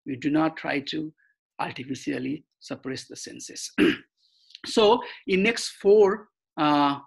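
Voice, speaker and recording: A man giving an online scripture class, halting, with many fillers and restarts. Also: on the high side, expressive, vocal fry, breathy edge, rough recording. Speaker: scripture study teacher. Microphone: computer mic on a video call.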